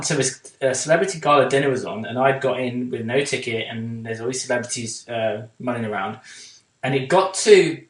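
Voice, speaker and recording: A podcast co-host with a medium-pitched voice, recorded from a distance with roomy echo, tells a long, casual anecdote. His storytelling is loose, with lots of fillers and restarts.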